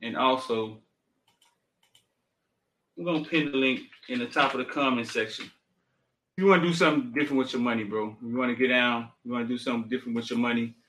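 A man's voice: medium pitch, steady tone, brisk, pauses often, a bit bright, slight background noise. A man hosting a casual call-in talk show with loose, repetitive, slangy patter. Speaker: show host.

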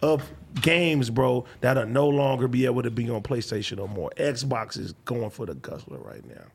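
A man's voice: mid-range voice, animated, moderate pace, husky. A young man casually chatting and bantering with friends, steering the talk to new topics. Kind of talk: casual group chat.

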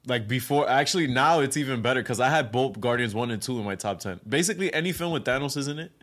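A man co-hosting a podcast, talking casually and excitedly, laughing often and calling friends bro. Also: medium pitch, fast talker. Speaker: podcast co-host. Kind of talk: casual chat.

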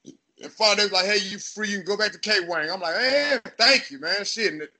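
A man in his thirties with a Texas accent, hosting a casual chat and telling profane, animated stories about his past. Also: high-pitched, fairly quick. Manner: profane, animated storytelling, acts out voices. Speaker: podcast host.

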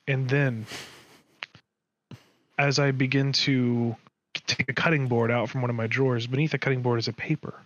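A man hosting a podcast, telling a story in a casual, animated way, often correcting himself mid-sentence. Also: mid-range voice, normal speed, pauses often, dull audio. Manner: animated, rambling, self-correcting. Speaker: podcast host.

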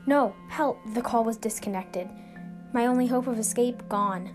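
A woman's voice: a little high, fairly even intonation, moderate pace. A woman hosting a show, narrating a scripted suspense story in an earnest, suspenseful way. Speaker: storyteller and podcast host. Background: music.

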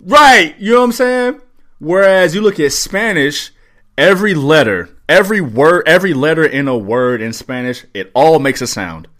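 A man co-hosting a podcast in casual chat, ranting in a profane, excitable way. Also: fairly high pitch, moderate pace. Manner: profane, excitable, riffing rants. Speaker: podcast co-host.

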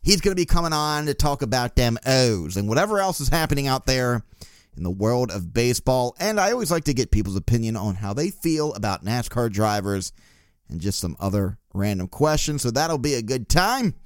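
Animated profane podcast host, man. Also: mid-range voice, brisk, smooth, no room sound, clean studio sound. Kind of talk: casual monologue.

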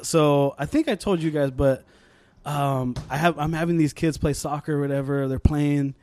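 Joking young man, slightly high voice. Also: fairly even intonation, normal speed, a little mellow, a little hiss or hum. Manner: loose, joking, full of "like" fillers. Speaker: podcast co-host. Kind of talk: casual chat.

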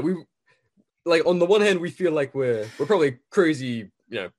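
A man's voice: fairly high pitch, lively intonation, moderate pace. A man chatting casually, with sardonic jokes and frequent stumbles and repeated words. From Britain. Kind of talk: casual chat.

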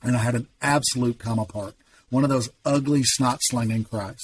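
A middle-aged man telling his faith testimony in casual talk, as an earnest storyteller with quick asides. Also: mid-range voice, steady tone, slight background noise. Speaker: podcast guest.

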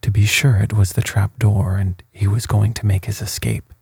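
A man voicing an eager castle servant in a storybook reading, hushed and breathy. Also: lowish voice, flat delivery, moderate pace, no echo, clean studio sound, exaggerated voice.

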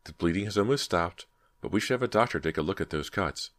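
A man's voice: deep voice, animated, fast talker, a bit bright, voice pushed up. A man voicing a protective middle-aged mother in a horror audiobook, fussing in a raised voice. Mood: soothing.

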